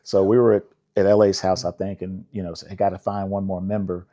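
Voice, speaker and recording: A deep, mellow-voiced older man from Indianapolis talks through his songwriting career in an easygoing storytelling way. He laughs often and slips into quoted voices when retelling conversations. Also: little pitch movement, fairly quick. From Indianapolis, USA. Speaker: songwriter guest. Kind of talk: relaxed storytelling interview.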